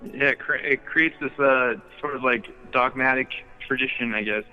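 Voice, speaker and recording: A man's voice: medium pitch, steady tone, normal speed, long reverb tail, dull audio, soft background music. A man who is a musician guest on a casual interview show, speaking hesitantly with many fillers. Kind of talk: casual chat.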